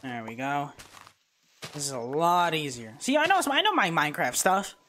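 A man streaming a casual let's-play, with a voice that leaps up and down as he reacts. He jumps from muttering to loud yelps at whatever happens on screen. Recorded on a home streaming mic. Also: fairly high pitch, normal speed, a little hiss or hum. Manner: excitable, reacts loudly to the game. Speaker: gaming streamer.

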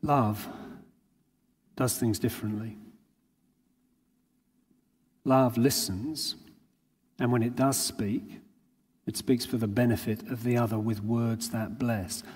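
A man's voice: medium pitch, fairly even intonation, slow pace, pauses often, a little mellow, slightly rough. A man giving an earnest sermon at a conference, drawing on everyday anecdotes to make his points. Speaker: conference speaker. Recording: long hall reverb.

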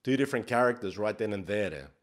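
A man's voice: on the low side, animated, fast, lightly acted. A man playing a brash, crude life coach, swearing in a swaggering, mock-profound comic monologue. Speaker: comedy character host.

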